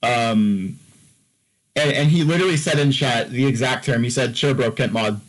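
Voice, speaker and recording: Male podcast co-host, rambling storyteller, heavy fillers, mid pitch. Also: moderate pace, low-quality recording. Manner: rambling, many fillers and restarts. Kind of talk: casual chat.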